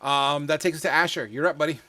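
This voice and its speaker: A man's voice: fairly high pitch, fast talker, sharp tone, dry recording, faint music behind. A man running a tabletop game as game master, joking and swearing loosely as he narrates.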